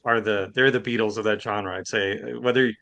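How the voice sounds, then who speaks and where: Male chatter, bright tone, loose rambling delivery. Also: lowish voice, steady tone, normal speed, creaky. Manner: rambling, many fillers and restarts, laughs easily. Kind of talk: casual chat.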